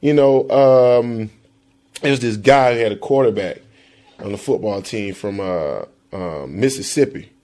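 A man from Florida, a dialect recording subject, reading a passage and then telling animated stories with impressions. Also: on the low side, a little slow. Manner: animated, laughs, does impressions. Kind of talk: read passage then casual storytelling.

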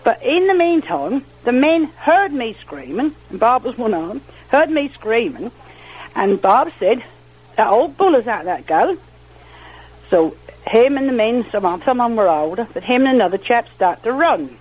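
Older husky countrywoman telling stories. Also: a little high, normal speed, rough recording. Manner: rambling, repeats "well, anyhow", quotes others in lively voices. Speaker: interviewee. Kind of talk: oral history storytelling.

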